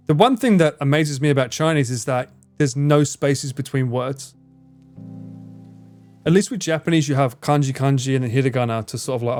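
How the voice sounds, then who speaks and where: A man's voice: mid-range voice, a little mellow. A man in casual live-stream chat, rambling, swearing freely and laughing often as he answers his chat. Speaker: livestreamer.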